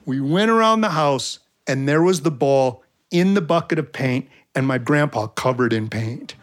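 A man's voice: medium pitch, expressive, moderate pace. A man telling folksy, reflective stories to an audience with comic timing. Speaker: storyteller and guest. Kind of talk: storytelling for an audience.

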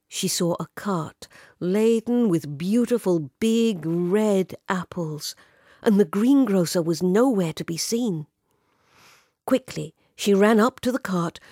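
A woman telling a story in a measured way, dropping to a whisper at tense moments, close to the mic. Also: lowish voice, darkish tone, no echo. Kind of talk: storytelling narration.

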